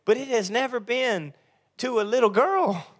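A man preaching a sermon to his church, animated and joking, acting out Bible figures in funny voices. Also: extremely high pitch, moderate pace. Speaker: pastor. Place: church sanctuary.

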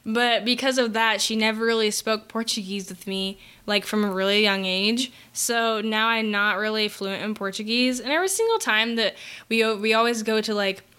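A woman's voice: a little high, normal speed, pushed and bright, clear, resonant tone. A young woman with an American accent, co-hosting a podcast in casual, rambling, self-deprecating chat full of fillers. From United States. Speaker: podcast co-host.

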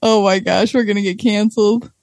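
A woman co-hosting a podcast, tossing out quick teasing quips in casual chat. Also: medium pitch, fairly even intonation, darkish tone, dry recording. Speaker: podcast co-host.

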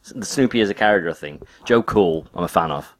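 A man's voice: low voice, expressive, fast talker. A man, co-hosting a podcast in rambling, self-deprecating casual chat. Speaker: podcast co-host. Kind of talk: casual banter.

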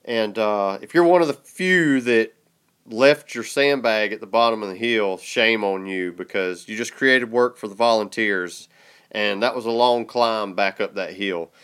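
A man's voice: fairly low pitch, unhurried, fairly bright tone, smooth. A man with a Southern US drawl hosting a podcast in casual chat, laid-back and a bit congested from a sinus infection. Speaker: podcast host.

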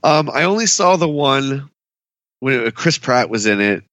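Guy on a podcast, gets really animated acting out quotes, dry close sound. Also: mid-range voice, measured pace, no echo. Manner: animated storyteller, acts out quotes in raised voice. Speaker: podcast co-host. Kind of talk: casual chat.

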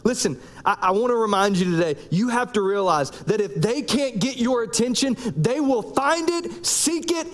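A man, preaching a sermon in a conversational, joking way, with pauses between phrases. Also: extremely high pitch, animated. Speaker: pastor.

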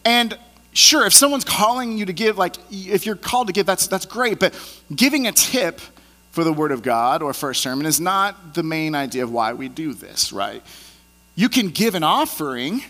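Bright-voiced man preaching in a reverberant hall. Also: high-pitched, normal speed. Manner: animated storyteller acting out scenes. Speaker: pastor. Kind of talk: conversational sermon.

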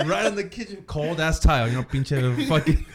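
A man's voice: on the high side, very animated, unhurried. A young man telling stories in casual chat, laughing often and mixing in Spanish words. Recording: noisy background.

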